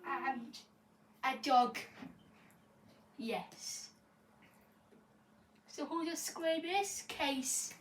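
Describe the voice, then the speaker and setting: A woman joining a pretend court game, asking slow, playful questions. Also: high voice, fairly bright tone, distant mic. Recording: echoey room, voice from afar, faint hiss.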